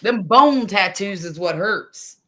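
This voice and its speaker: Friendly Southern woman, bright voice. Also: medium pitch, animated, slow pace. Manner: friendly, calls everybody honey. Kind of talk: casual chat.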